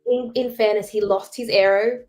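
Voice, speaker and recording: A young woman from Derry with a Northern Irish accent, co-hosting a casual podcast chat with opinionated, quick analysis. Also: mid-range voice, fairly even intonation, a little mellow. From Northern Ireland. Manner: opinionated, fast analytical talk with fillers. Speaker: co-host.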